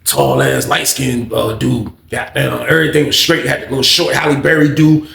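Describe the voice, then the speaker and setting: A man casually telling a story in a profane, animated way that jumps into shouts. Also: mid-range voice, normal speed, gravelly, reverberant, a little hiss or hum.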